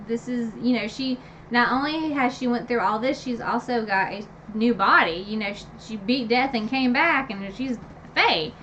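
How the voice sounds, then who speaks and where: A woman casually retelling a fantasy novel's ending, animated and gushing, with lots of fillers and sudden high squeals when excited. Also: highs cut off, slight background noise. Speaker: book review vlogger. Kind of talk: casual book recap.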